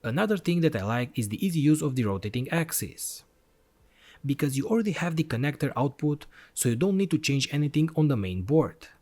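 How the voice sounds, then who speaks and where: A man's voice: fairly high pitch, very animated, a little fast, darkish tone. A man hosting an electronics channel, narrating a product review voice-over in an enthusiastic, step-by-step explanatory way.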